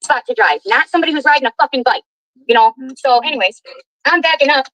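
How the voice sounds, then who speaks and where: A woman with a high voice rants fast and angrily, swearing freely as she talks to her livestream viewers. She is behind the wheel of a car, and the sound is dry and close. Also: lively intonation, fairly bright tone, no room sound, rough recording. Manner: profane, indignant ranting. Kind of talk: ranting livestream while driving.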